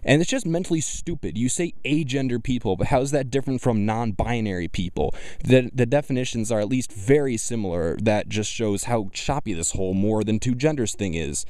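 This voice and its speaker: A man's voice: mid-range voice, animated, brisk, hardly any pauses, darkish tone, dry recording. A man giving mocking, argumentative reaction commentary on video clips. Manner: scornful, argumentative.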